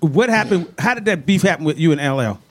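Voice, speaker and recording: High-voiced interviewer stumbling over his questions. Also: lively intonation, quick pace. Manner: stumbling, repeats words while framing questions. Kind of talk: casual interview.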